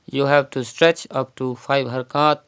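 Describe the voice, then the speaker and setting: A man teaching Quran recitation online, explaining pronunciation rules step by step and repeating words slowly as examples. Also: medium pitch, flat delivery, a bit bright, clean tone. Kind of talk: online tajweed lesson.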